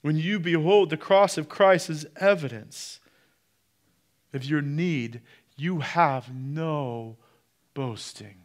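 A man preaching a sermon, swinging between loud peaks and quiet drops, and putting direct questions to the congregation. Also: fairly high pitch, takes it slowly. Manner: preaching with sharp rises and drops in loudness. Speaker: pastor.

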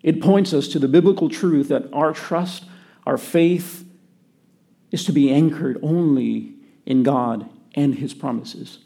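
A man preaching a sermon to his church in an earnest way, often dropping to a quiet voice for emphasis. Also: a little high, slow, creaky. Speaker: pastor.

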